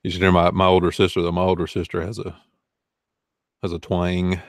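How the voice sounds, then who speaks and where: A man's voice: low-pitched, monotone, a little fast, dry recording, studio quality. A man with a Southern US accent hosting a casual livestream, rambling and answering chat comments. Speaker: eBay reseller hosting a livestream.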